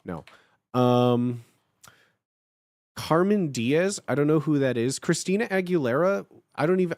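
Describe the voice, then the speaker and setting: Halting male livestreamer, slightly high, dry. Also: a little mellow, no room sound. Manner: halting, with many filler sounds and restarts. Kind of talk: casual livestream chat with viewers.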